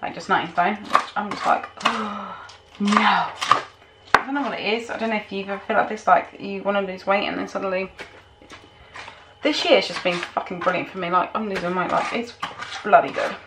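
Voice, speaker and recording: A woman vlogging at home in casual chat, excitable and swearing freely. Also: medium pitch, a little fast, heavy background noise.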